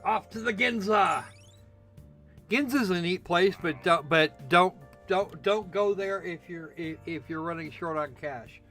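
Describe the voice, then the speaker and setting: A man's voice: high-pitched, unhurried, a bit bright, faint music behind. A man giving sarcastic commentary while playing a video game, often repeating words as he stumbles. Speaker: let's play host.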